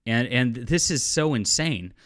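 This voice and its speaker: A man hosting a solo opinion commentary, indignant and sarcastic, often restarting his sentences and filling pauses. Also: medium pitch, expressive, a bit bright, no room sound, studio quality. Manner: indignant and sarcastic, with frequent fillers and repeated restarts. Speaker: political commentary host.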